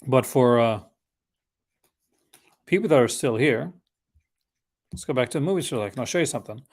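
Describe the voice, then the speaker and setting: A man's voice: medium pitch, animated, normal speed. Rambling, enthusiastic man on a live stream. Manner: rambling and conversational, full of asides; enthusiastic film collector. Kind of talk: casual live unboxing chat.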